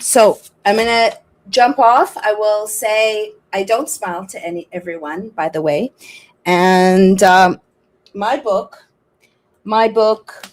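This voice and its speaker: A woman's voice: fairly low pitch, darkish tone. A woman podcast host closing her show, talking in a rambling, frustrated way with many restarts. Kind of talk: casual show sign-off and appeal.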